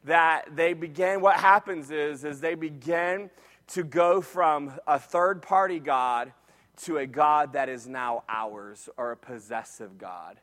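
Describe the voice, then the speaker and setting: A male pastor preaching a sermon, building in intensity and sometimes shouting to the congregation. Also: on the high side, slow. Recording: long hall reverb.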